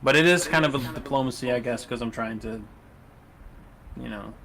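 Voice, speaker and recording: A man's voice: medium pitch, moderate pace, gravelly, a crowd in the background. A man playing a tabletop game, talking in a hesitant, rambling way. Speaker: player. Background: background music.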